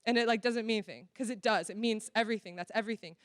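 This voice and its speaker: An earnest woman speaks candidly at a church workshop, leaning on casual fillers as she goes. Her voice sits a little high and comes through smooth and clear. The sound is dry and close. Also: racing, no room sound. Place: church venue.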